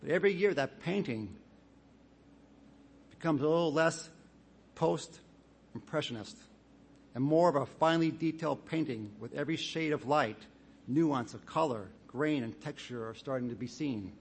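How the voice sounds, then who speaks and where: A man delivers a sermon in a fairly high voice. He speaks in a measured, deliberate way, reading scripture passages aloud and building emphasis as he goes. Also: breathy edge. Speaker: preacher.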